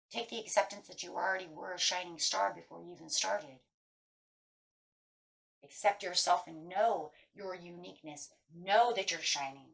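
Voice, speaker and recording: A woman's voice: medium pitch, gravelly, fairly bright tone. Chatty woman giving a tarot reading. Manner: chatty, acts out anxious inner voices. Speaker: tarot reader.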